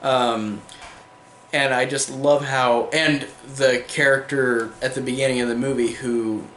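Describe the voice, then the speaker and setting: An excited young man rambles through a casual film review, piling on fillers and repeated "like"s, his pitch sitting in the middle range. The room around him is echoey, with a faint hum of ambience beneath. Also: measured pace. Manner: enthusiastic, rambling, lots of fillers and repeated likes.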